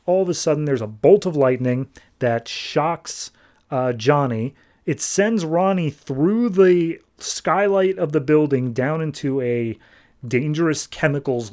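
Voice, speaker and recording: A man hosting a podcast, casually recapping a comic issue with quick asides and lots of fillers. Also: on the high side, darkish tone. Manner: chatty, quick asides, frequent "like". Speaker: podcast host.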